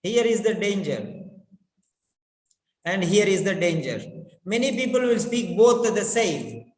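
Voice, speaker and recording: A man teaches pronunciation at an unhurried pace. He repeats key words again and again to drill them. The sound is roomy, with a long echo trailing each phrase. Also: high voice, expressive, darkish tone. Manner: repetitive, drills words over and over. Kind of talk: slow instructional lesson. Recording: echoey room with long reverb.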